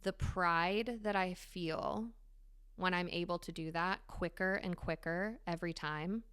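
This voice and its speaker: A woman hosting a solo podcast, talking candidly and swearing freely with animated emphasis. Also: lowish voice, measured pace, clean tone, dry recording, clean studio sound. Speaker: podcast host. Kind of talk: casual solo podcast monologue.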